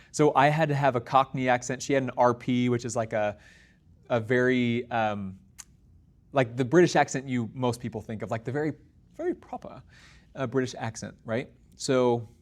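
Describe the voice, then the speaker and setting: An earnest young man hosts his own show and talks straight to the camera. His voice sits at an ordinary middle pitch for a man, and he keeps an upbeat, encouraging tone as he talks to his viewers. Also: a little mellow. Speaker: podcast host. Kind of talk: casual solo talk to camera.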